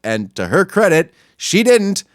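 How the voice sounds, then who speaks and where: A man hosting a podcast, delivering a crude, angry rant that swings between low muttering and yelling. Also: huge pitch swings, a little slow, no echo, clean studio sound. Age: adult, not much older than a young store clerk. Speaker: podcast host. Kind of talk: profane ranting monologue.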